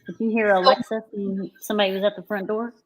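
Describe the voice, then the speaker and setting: A woman's voice: mid-range voice, level tone, fast talker, rough recording. A woman hosting a live makeup stream, chatting casually, laughing and joking about herself. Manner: chatty, self-deprecating, laughs between remarks. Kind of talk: casual chat.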